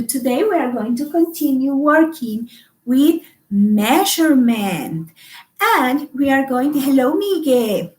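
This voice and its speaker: High-voiced woman w/ a teaching little kids math online, slow and singsong, echoey room. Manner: slow, sing-song, greeting children by name. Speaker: kindergarten teacher. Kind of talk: online class for young children.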